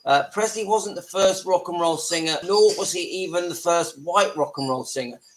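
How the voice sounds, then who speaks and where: A man's voice: high-pitched, moderate pace, poor audio. A man hosts a live stream from home, talking loosely to his viewers. He rambles and breaks off now and then. A faint hiss of noise sits under his voice. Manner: chatty, talks to viewers, breaks off to hush children. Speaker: livestream host. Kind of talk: casual live-stream chat. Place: home with family around.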